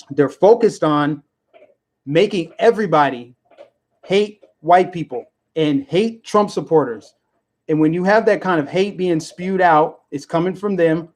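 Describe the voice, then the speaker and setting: A man's voice: fairly high pitch, darkish tone. Indignant man ranting on a livestream. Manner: heated, indignant, repetitive. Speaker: livestream vlogger. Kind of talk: angry political livestream rant.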